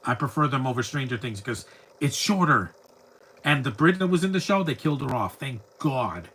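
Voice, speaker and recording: A man's voice: mid-range voice, lively intonation, moderate pace, fairly bright tone, breathy edge, poor audio. A man giving live, rambling commentary over a movie, talking back at the screen bluntly and often stumbling over repeated words. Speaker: film commentator.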